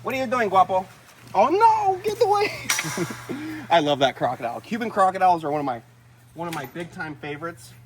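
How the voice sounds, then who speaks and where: A man keeper hosting a casual vlog outdoors among animal enclosures, excitable and shouting at the animals now and then. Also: high-pitched, fairly quick, a little hiss or hum. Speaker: reptile keeper and host.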